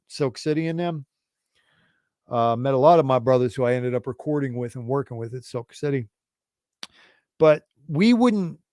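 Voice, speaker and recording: A man in his forties hosting a livestream, telling a rambling, profane story in a casual, animated way. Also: medium pitch, no room sound, studio quality. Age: 40s. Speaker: livestream host.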